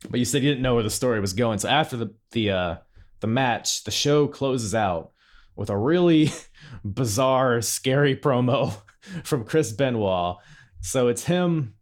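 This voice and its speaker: A man's voice: medium pitch, animated, a little slow. A man hosting a casual podcast chat, laid-back, laughing often and swearing casually. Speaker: podcast host.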